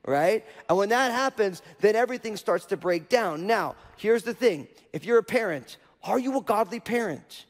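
A man's voice: high voice, animated, moderate pace, hardly any pauses. A male pastor preaching a sermon in a casual, conversational way, often checking in with the audience by asking "right?". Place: church auditorium. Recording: long reverb of a church hall.

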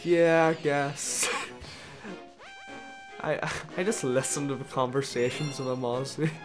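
A man's voice: mid-range voice, big pitch swings, slow pace, music in the background. Giggly young British man. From Britain. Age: young adult. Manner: giggly, self-deprecating. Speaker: let's play co-host. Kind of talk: casual gaming chat.

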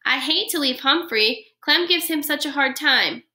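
A woman reading aloud and voicing a gentle young girl who fusses protectively over her pet, in a lifted, earnest tone. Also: sits high, moderate pace, pitched above the performer's own voice. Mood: gentle fussing.

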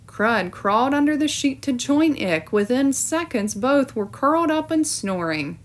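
A woman teacher reading a storybook aloud with clear, expressive narration. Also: sits high, measured pace.

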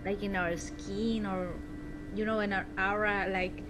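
A woman's voice: mid-range voice, flat delivery, a little slow, background noise. A woman playing in a tabletop game, asking hesitant questions. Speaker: player.

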